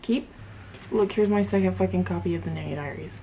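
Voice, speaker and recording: Young woman vlogging, kinda gravelly low voice, blunt opinions, faint hiss behind. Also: a little fast, warm tone. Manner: blunt, opinionated, chatty with frequent laughs. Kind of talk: casual chat to camera.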